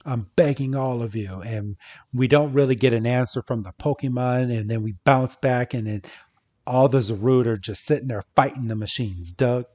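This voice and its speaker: A man's voice: mid-range voice, normal speed, darkish tone. Casual man recapping on a podcast. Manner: casual, playful retelling with quoted lines. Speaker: podcast co-host. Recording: dull lo-fi podcast audio.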